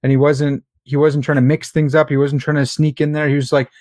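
A man's voice: a little high, a little fast, no room sound, clean studio sound. A man co-hosting a casual podcast chat, talking animatedly and acting out quoted people. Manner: animated, acts out quoted voices. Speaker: podcast co-host.

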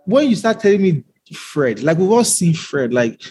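A man's voice: a little high, very animated, moderate pace, a little mellow, slight background noise. A man in a casual football chat, arguing his point insistently. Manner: argumentative, insistent. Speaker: podcast co-host.

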